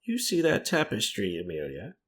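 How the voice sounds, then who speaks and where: A man's voice: lowish voice, wildly swooping pitch, fairly bright tone, breathy edge, exaggerated voice. A man doing a cold, domineering older woman. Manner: slow, cold and commanding.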